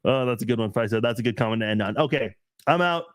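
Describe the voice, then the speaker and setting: A man's voice: mid-range voice, fast, no echo, clean studio sound. A young man hosting a casual live stream, reading viewer comments aloud and rambling in a self-mocking way.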